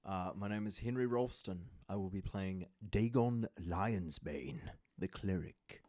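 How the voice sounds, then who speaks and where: A man's voice: low voice, a little slow, darkish tone, no room sound. Earnest man at the game table. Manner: earnest, formal in character. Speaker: player.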